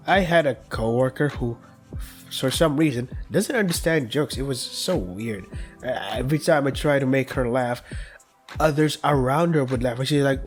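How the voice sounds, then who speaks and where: A male let's play host rambles through crude, casual anecdotes between lines of the game. His voice sits at an ordinary middle pitch and he often laughs at his own stories. Faint music plays underneath. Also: measured pace. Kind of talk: casual playthrough commentary.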